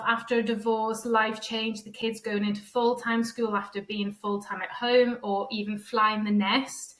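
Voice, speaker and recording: A woman's voice: on the high side, a bit bright. Chatty woman in an echoey room. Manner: chatty, rambling, fond of "sort of thing", acts out quoted voices. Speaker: podcast guest, feng shui and decluttering coach. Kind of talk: casual interview chat.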